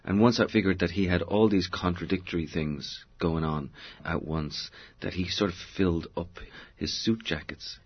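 A man's voice: sits low, steady tone, moderate pace, hardly any pauses, slightly rough, dull audio. An Irish man, a novelist, answering interview questions in a digressive, storytelling way with many fillers. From Ireland. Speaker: novelist guest.

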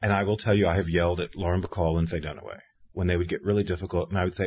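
Talking very fast in a low, husky voice, a man in his fifties who works as an interviewer and author spins stories in relaxed conversation. He is an animated storyteller who imitates whoever he quotes. The audio sounds dull.

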